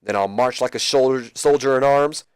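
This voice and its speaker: A man voicing a swaggering male wrestler who brags about himself in the third person with slow, drawn-out lines. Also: medium pitch, smooth, no room sound, lightly acted. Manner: drawn-out, boastful.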